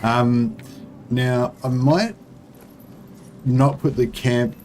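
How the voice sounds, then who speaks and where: A man's voice: mid-range voice, steady tone, extremely slow, a little mellow, a little hiss or hum. A man giving casual, rambling commentary as he plays a strategy game, with frequent ums and restarts. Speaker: gaming streamer.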